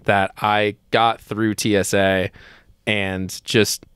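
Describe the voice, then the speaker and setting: A man's voice: lowish voice, little pitch movement, slow, fairly bright tone, smooth, no echo, clean studio sound. A man hosting a podcast, chatting casually and laughing often as he tells his own story. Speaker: podcast host. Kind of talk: casual chat.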